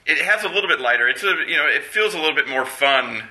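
A man co-hosting a casual TV podcast, relaxed and often saying "you know". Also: on the high side, quick pace. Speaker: podcast co-host. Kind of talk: casual chat. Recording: roomy echo.

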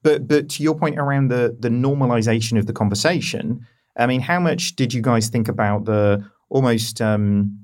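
A man hosting a casual podcast chat, chatty and quick with jokey asides as he asks his questions. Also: medium pitch, darkish tone. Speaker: host, interviewer.

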